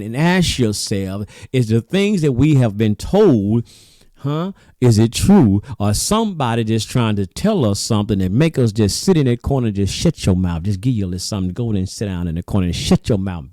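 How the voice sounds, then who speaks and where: A man teaching in a sermon style, animated and repetitive, calling his listeners brothers and sisters. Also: medium pitch, dry recording. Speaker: religious teacher.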